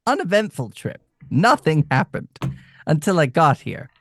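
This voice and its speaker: A man playing a tabletop role-playing game, speaking in a hesitant, stammering, halting way. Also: a little high, big pitch swings, a bit bright, no room sound. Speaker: player. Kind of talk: in-character tabletop role-play.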